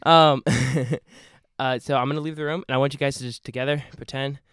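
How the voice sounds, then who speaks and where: A man's voice: medium pitch, fairly even intonation, normal speed, fairly bright tone, clear, resonant tone, no room sound, studio quality. A playful young man hosting a casual comedic podcast, joking around and telling puns. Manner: playful, jokey, freestyles and puns. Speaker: podcast host.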